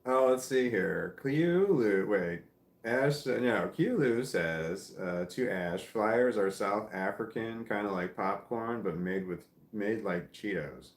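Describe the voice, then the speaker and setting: A man's voice: lowish voice, animated, slow, roomy sound. A man from Missouri with a Midwestern American accent, hosting a casual live chat, reading viewer comments aloud in a tired, rambling way with frequent chuckles. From Missouri, United States. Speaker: livestream host reading chat.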